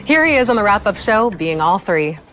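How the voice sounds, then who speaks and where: A woman's voice: mid-range voice, big pitch swings, a little fast, fairly bright tone. Dry-voiced female co-host reading intros. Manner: dry, teasing read of clip introductions. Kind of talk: scripted recap narration.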